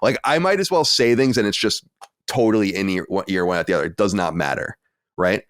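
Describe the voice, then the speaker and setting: A man in his late thirties, a podcast co-host, telling an animated story with exasperated asides in casual chat. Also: lowish voice, a little fast, dry recording, studio quality. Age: 30s.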